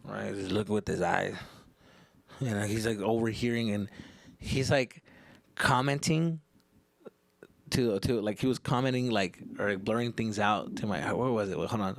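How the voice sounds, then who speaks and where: A man's voice: medium pitch, creaky, a bit bright, dry recording. A man in his thirties hosting a podcast and casually telling a story, loose and heavy on profanity. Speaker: podcast host.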